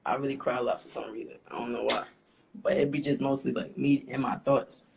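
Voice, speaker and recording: A young man, a rapper guest, talking casually and haltingly with lots of fillers. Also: mid-range voice, little pitch movement, vocal fry. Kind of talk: casual interview talk. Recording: faint background noise.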